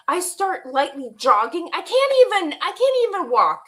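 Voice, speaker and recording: Woman with a high bright voice telling her story all worked up, acts out everyone's lines. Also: normal speed. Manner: animated retelling with quoted dialogue, laughing and near tears. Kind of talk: emotional personal storytelling. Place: online stream.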